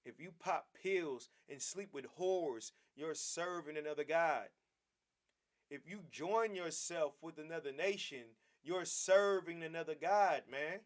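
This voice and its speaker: A man's voice: fairly high pitch, measured pace. A man teaching a Bible class in a preaching style, emphatic and repetitive, often calling his listeners "man".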